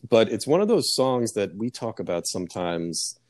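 Man, very low voice, casual podcast talk, measured, filler-heavy. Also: big pitch swings, a little mellow, a little hiss or hum. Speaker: podcast co-host. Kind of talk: casual music discussion.

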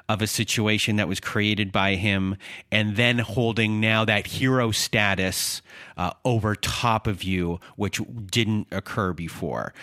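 Casting: man, host, low voice, dry close sound, measured analysis. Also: pushed and bright, no room sound. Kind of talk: explanatory commentary.

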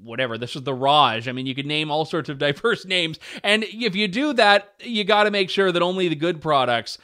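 Man, talk radio host, sarcastic asides, slightly higher voice, opinion monologue. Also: expressive, fairly quick, bright, forceful tone. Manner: wry, sarcastic asides with chuckles.

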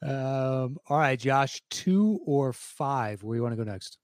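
A man's voice: mid-range voice, lively intonation, dry recording, studio quality. Upbeat male podcast game host. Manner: upbeat, reads clues in a slow deliberate cadence.

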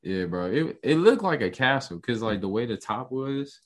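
A young man co-hosting a casual podcast, excitable and slangy as he reacts to a show. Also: mid-range voice, normal speed. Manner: excitable, slangy, rises sharply when enthused. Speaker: podcast co-host. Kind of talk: casual podcast recap chat.

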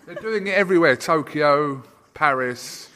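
A man's voice: on the high side, animated, unhurried, sharp tone. A man interviewing a fighter in a casual, jokey way with lots of fillers. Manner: jokey, teasing, filler-heavy.

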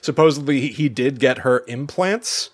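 A man of middle pitch tells a story on a podcast in loose, animated chat. He stumbles and restarts often and laughs through his own lines. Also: normal speed. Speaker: podcast co-host.

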